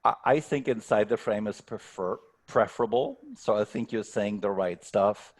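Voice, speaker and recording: Male guest coach on a video call, low voice, reflective, stumbles into his sentences. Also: normal speed. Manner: thoughtful, repeats words when starting sentences. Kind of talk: online workshop Q&A.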